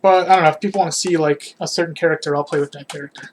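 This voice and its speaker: A man's voice: on the high side, steady tone, rapid-fire, a little hiss or hum. A man casually chatting on a live game stream, self-critical and rambling, trailing off, a bit out of breath.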